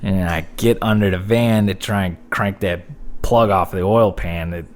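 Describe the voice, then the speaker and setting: Lowish guy voice, young, swears constantly, laughs at himself while telling a story. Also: fairly even intonation, normal speed, slight background noise. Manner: profane, self-mocking storyteller. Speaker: podcast guest. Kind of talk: casual chat, storytelling.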